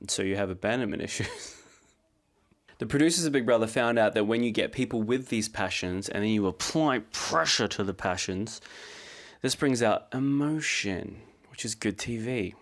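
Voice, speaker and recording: A man's voice: fairly low pitch, expressive, normal speed. A man narrating a scripted commentary video essay, with dry, sarcastic humor.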